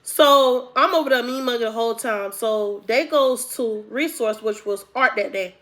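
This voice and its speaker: A woman's voice: a little high, normal speed, fairly bright tone. Chatty young woman telling a story. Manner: chatty, addresses viewers as y'all, acts out quotes. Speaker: storytime vlogger. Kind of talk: casual storytelling to camera.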